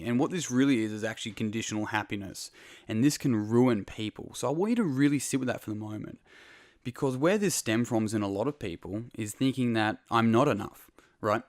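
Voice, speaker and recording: A man's voice: fairly low pitch, no room sound, studio quality. A man hosting a podcast, talking straight to the listener in a casual, earnest motivational monologue full of swearing. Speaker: podcast host.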